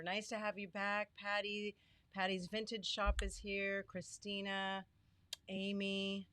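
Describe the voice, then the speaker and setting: A woman's voice: mid-range voice, level tone, measured pace, a bit bright. A middle-aged woman hosting a live stream from her home studio, greeting viewers by name in a chatty, heartfelt way. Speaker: livestream host and small business owner. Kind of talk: casual live stream chat.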